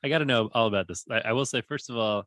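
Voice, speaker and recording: A man co-hosting a podcast, joking and animated, laughing as he talks. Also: mid-range voice, racing, dry recording. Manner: jokey, animated, laughs often. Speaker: podcast co-host. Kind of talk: casual chat.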